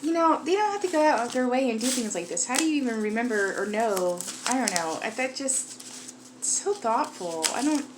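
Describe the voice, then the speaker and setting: A woman's voice: on the high side, lively intonation, fairly quick, few pauses, noisy background. A woman chatting casually in a vlog, rambling and laughing often, tired and jet lagged. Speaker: vlogger.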